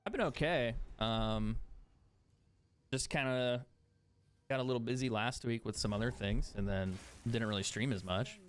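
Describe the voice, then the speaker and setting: A man's voice: mid-range voice, moderate pace, smooth. Laid-back swearing gaming streamer guy. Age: adult. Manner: laid-back, swears often, laughs at himself. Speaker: game streamer. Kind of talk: casual chat while gaming.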